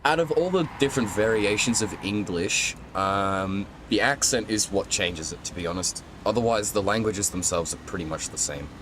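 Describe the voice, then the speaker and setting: A young Australian man with an Australian accent, sick and sounding rough, chatting casually to his stream while he plays and often laughing. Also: fairly low pitch, normal speed, hardly any pauses, background noise. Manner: rambling, laughs often, talks to chat while playing. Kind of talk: casual gaming stream chat.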